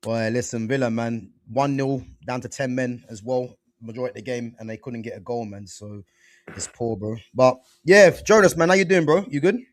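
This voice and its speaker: A man's voice: medium pitch, normal speed, dry recording, clean studio sound. A young man hosting a casual football chat show, talking loosely with plenty of slang. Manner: laid-back, loose slangy talk peppered with "man" and "bro". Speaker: podcast host.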